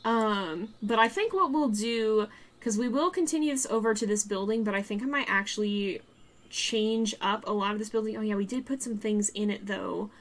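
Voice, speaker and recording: Chatty streamer woman with a Southern drawl. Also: mid-range voice. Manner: chatty, rambling, quick to laugh, talks straight to her chat. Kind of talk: casual live-stream chat while building in a game.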